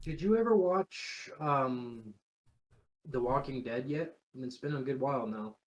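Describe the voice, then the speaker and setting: A man's voice: mid-range voice, lively intonation, unhurried. A young man co-hosting a podcast, chatting casually and telling stories with a playful, giggly manner. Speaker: podcast co-host. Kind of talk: casual chat.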